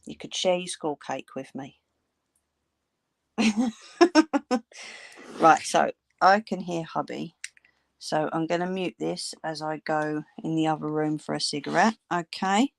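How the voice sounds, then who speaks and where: Chatty woman with a lowish voice. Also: steady tone, normal speed, vocal fry. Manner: chatty and informal, laughs often. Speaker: crafting livestream host. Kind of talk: casual livestream chat with viewers. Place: home.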